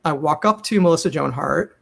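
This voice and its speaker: A man's voice: on the high side, fairly quick, vocal fry, slightly rough. A man who writes and runs TV comedies, telling a behind-the-scenes story in a casual interview and acting out the lines people said. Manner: animated, acts out quoted lines.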